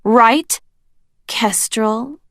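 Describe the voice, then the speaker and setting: A woman's voice: a little high, drawn-out words, a bit bright, dry recording, clean studio sound, voice pushed up, exaggerated voice. Woman doing a sneering dragon queen. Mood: gloating. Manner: mocking, sing-song and drawn out. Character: cruel teasing female dragon queen.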